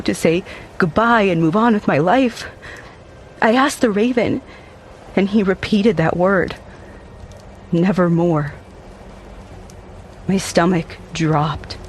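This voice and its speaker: A man's voice: high-pitched, slight background noise. Brooding man narrating a haunted tale. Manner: intense, brooding, haunted storytelling. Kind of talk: dramatic first-person audio drama narration.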